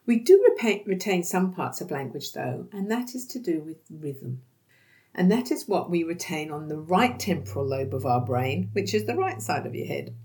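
A woman hosting an educational podcast on dementia care, explaining calmly and acting out sample dialogues. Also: lowish voice.

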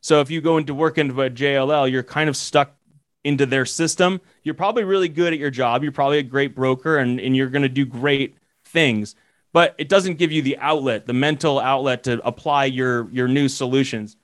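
A man's voice: medium pitch, a little fast. A man who works as a commercial real estate broker and mentor, giving sales advice in a rambling way with many restarts. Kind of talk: casual podcast advice.

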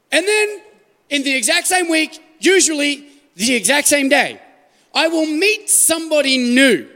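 A man's voice: extremely high pitch, very animated, a little slow, bright, forceful tone. A man with an Australian accent preaching a sermon to a live congregation as pastor, joking and putting questions to the room. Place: church hall. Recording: live church hall reverb.

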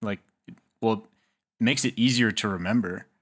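A man's voice: on the low side, normal speed, a bit bright. A young man as a podcast guest, thinking aloud in a hesitant, casual way. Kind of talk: casual conversation.

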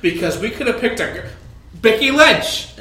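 Man, teasing, casual podcast chat, lively pitch, echoey room. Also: moderate pace. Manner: playful, teasing. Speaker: podcast co-host. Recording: echoey room with loud background noise.

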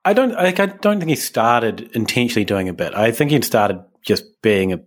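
A man's voice: medium pitch, animated, moderate pace. A man co-hosting a casual podcast chat, rambling and hesitant, with lots of fillers and restarts. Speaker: podcast co-host.

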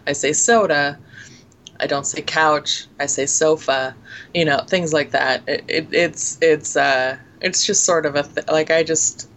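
A woman's voice: low-pitched, steady tone, unhurried, fairly bright tone, slight background noise. A woman from Minnesota with a mild Minnesotan accent, chatting casually as a podcast guest in a self-deprecating way. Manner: chatty, self-deprecating, laughs between thoughts.

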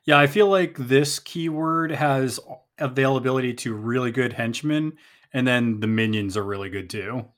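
A man's voice: mid-range voice, normal speed, a bit bright. A man co-hosting a podcast, casually asking questions and listing game pieces in an easygoing way. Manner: easygoing, asks questions, lists items. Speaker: podcast co-host. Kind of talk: casual game recap chat.

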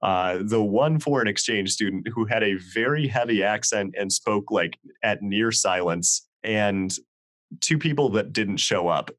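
A man in his thirties who produces podcasts tells a story in a casual video-call chat, animatedly acting out the people in it. Heard through a video call mic, his voice is fairly low and unhurried.

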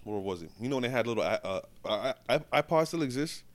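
A man from Florida rattles off a story at a rapid clip, slipping into lively quoted asides. His voice sits at a middling pitch. The sound is dry and close to the mic, with no room around it. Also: no room sound. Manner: fast, profane storytelling with animated quoted asides. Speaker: podcast co-host. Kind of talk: casual chat.

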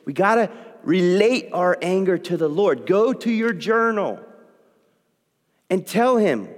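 A man's voice: sits high, takes it slowly, long pauses. A man preaching a sermon to a live congregation, acting out quoted prayers and complaints as he goes. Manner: animated, acts out quoted prayers. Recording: long reverb in a hall.

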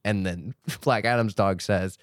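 A man's voice: lowish voice, measured pace, no room sound, studio quality. A man co-hosting a podcast, chatting casually and rambling through a movie scene. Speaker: podcast co-host. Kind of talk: casual chat.

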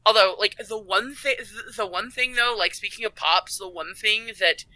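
Bright, excited man gushing on a podcast. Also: sits high, moderate pace, no echo, low-quality recording. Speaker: podcast panelist. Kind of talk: casual chat.

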